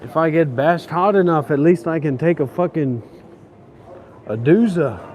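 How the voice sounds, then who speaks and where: A man's voice: on the high side, normal speed, darkish tone, a little hiss or hum. A man vlogging while walking city streets, ranting in a frustrated, profane way. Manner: frustrated, swearing, grumbling.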